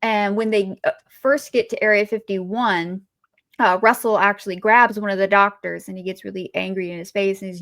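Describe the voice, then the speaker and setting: A woman's voice: mid-range voice, fairly even intonation, moderate pace, a bit bright. A woman co-hosting a podcast, chatting casually about a movie, rambling with fillers and restarts. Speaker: podcast co-host.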